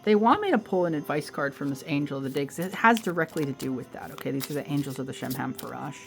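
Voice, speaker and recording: A woman's voice: deep voice, expressive, fast, vocal fry, soft background music. A woman giving a casual pick-a-card tarot reading, chatting directly to her viewers and calling them babe. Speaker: tarot reader.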